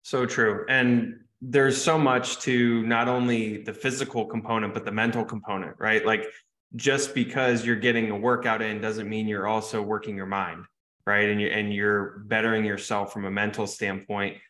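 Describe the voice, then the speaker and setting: A man's voice: on the low side, flat delivery, moderate pace, a bit bright. A man hosting a podcast, chatting casually with a guest and often adding "right?". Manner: conversational, many fillers like "right?". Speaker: podcast host. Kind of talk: casual interview chat. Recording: roomy echo.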